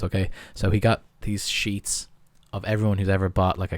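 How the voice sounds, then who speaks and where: A young Irish man telling stories as a podcast guest, animated and acting out other people's lines. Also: deep voice, brisk, dry recording. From Ireland. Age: young adult. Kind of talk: casual storytelling.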